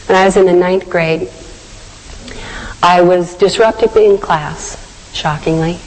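A woman's voice: on the low side, fairly even intonation, a little mellow, a little hiss or hum. Earnest woman telling a sermon story. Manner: earnest storytelling, slow and reflective. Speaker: devotional speaker. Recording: long hall reverb.

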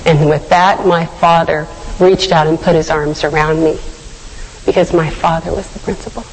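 A woman's voice: sits low, fairly even intonation, moderate pace, a little hiss or hum. A woman giving a devotional sermon, telling a personal story in an earnest, reflective way. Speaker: devotional speaker. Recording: long hall reverb.

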